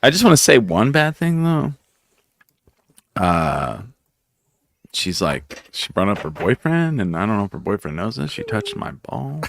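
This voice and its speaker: Low-voiced joking man in a studio. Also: sing-song, unhurried, gravelly, pauses often, fairly bright tone, a little hiss or hum. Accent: American. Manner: joking, swearing, teasing. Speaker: radio show host. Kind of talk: casual studio banter. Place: radio studio. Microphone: studio mic.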